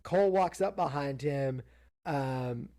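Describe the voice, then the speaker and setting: A man's voice: medium pitch, slow pace, dark tone. A man co-hosting a podcast, recapping a TV episode in a casual, rambling way, full of fillers and self-interruptions. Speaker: podcast co-host.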